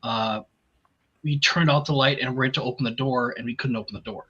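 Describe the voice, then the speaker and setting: A man from North Dakota, a tabletop game player, telling a story in a relaxed, rambling way. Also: medium pitch, brisk, husky. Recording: dull lo-fi mic.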